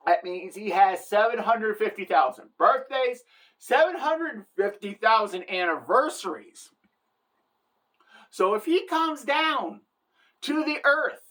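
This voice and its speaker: A woman's voice: fairly high pitch, a bit bright. A woman giving an irreverent, wisecracking satirical comedy monologue, bragging and joking about the church.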